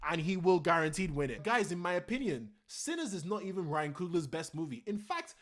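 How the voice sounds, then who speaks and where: Animated opinionated young man. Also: a little high. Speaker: vlogger. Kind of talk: casual opinion commentary.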